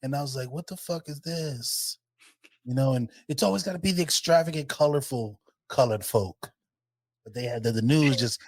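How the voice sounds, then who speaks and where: A man co-hosting a casual podcast, talking in an animated, profane way with playful impressions. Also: medium pitch, moderate pace, dry recording. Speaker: podcast co-host.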